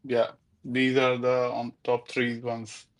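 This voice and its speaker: Co-host, casual stream chat, flat delivery, agreeable, mid pitch. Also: slow pace. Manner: flat, agreeable, brief backchannels.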